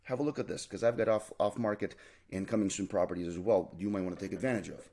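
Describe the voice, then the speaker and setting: A man with a fairly low voice walks viewers through a housing market update at a brisk clip. He is emphatic, repeats his main points for weight, and fills pauses with "uh" and "um". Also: a little mellow. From Canada. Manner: emphatic, repeats key points, many fillers. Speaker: realtor.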